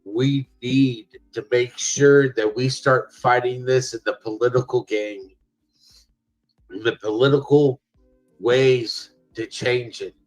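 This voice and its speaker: A man's voice: mid-range voice, low-quality recording. A man on a livestream speaking earnestly and repeating himself for emphasis. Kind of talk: livestream speech.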